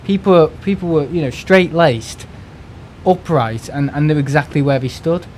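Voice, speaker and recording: A man's voice: on the high side, normal speed, a little mellow, a little hiss or hum. A man, chatting casually during a live stream, rambling and exasperated, restarting words and swearing freely. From United Kingdom. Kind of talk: casual ranting chat.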